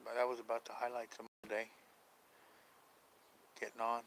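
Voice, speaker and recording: A man's voice: medium pitch, monotone, normal speed, gravelly, fairly bright tone, a little hiss or hum, poor audio. A man chatting casually on a live stream about paranormal outings, rambling, unsure and trailing off mid-thought.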